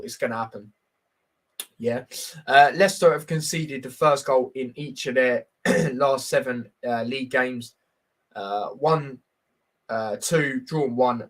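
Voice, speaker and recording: A man's voice: mid-range voice, fairly bright tone. A young man giving casual, blunt football predictions on a livestream, reading stats and viewer comments with lots of fillers.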